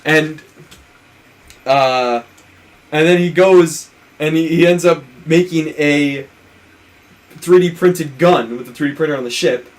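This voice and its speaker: A man's voice: on the high side, slow, long pauses. A man co-hosting a let's play, casually retelling a film plot in a rambling way, with many restarts and acted-out quotes.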